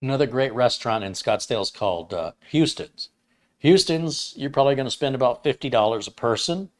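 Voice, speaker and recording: Speaking in a mid-range voice that's animated and brisk, a fifty-something man runs a laid-back livestream chat. He wanders from topic to topic and cracks self-deprecating jokes.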